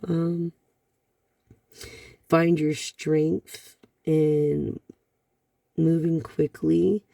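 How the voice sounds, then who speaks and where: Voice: medium pitch, gravelly, mellow, no echo. A tarot reader giving a card reading to a viewer, rambling along with many fillers and sighs.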